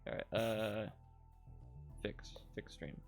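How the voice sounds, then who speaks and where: A man co-hosting a stream, chatting casually, giggling and teasing with quick jokes. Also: fairly low pitch, faint music behind. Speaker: streamer co-host. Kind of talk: casual chat.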